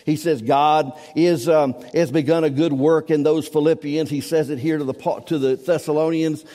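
Speaking at a moderate pace with fairly even intonation, a man with a fairly high, warm voice preaches to his congregation. The church sanctuary lends a big-room sound. He's emphatic and repeats key words, his force growing and fading.

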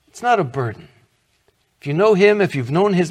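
A man's voice: sits high, expressive, normal speed, long pauses, darkish tone, long reverb tail. A middle-aged man preaching a sermon as pastor, earnest and conversational, asking the congregation questions.

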